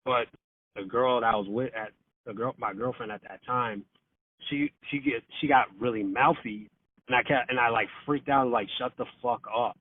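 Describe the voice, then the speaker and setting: A man's voice: mid-range voice, steady tone, moderate pace, dry recording. A man in casual storytelling over the phone, swearing freely, using lots of fillers and acting out quotes. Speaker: podcast guest. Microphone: phone call. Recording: tinny dry phone line.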